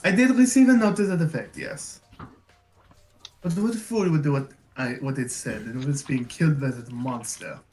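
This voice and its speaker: A man's voice: on the high side, moderate pace, darkish tone, faint music behind, lightly acted, low-quality recording. A man voicing a haughty, cold young woman in an amateur game reading, speaking curtly and with disdain. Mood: cold, dismissive. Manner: curt, disdainful.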